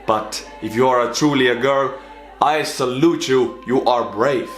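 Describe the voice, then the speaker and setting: A man with an Estonian accent hosting a reaction video, talking bluntly and joking, with sudden excited shouts. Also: medium pitch, a little slow, reverberant, faint music behind. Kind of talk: casual reaction commentary.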